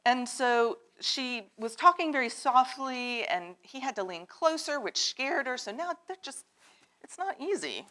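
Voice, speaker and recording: A woman tells a picture-book story to children in a congregation. Her voice sits fairly high and swoops with lively melody. She keeps asking the little listeners to join in. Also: a little slow. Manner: animated, asks the children to join in. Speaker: storyteller at a children's time in worship. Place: church sanctuary.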